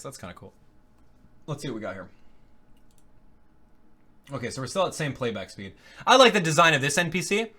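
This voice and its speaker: A man hosting a casual video game reaction, joking and laughing often, with quick rambling asides and quieter mumbling while he browses. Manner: drops to low mumbling while clicking around. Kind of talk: casual live reaction commentary.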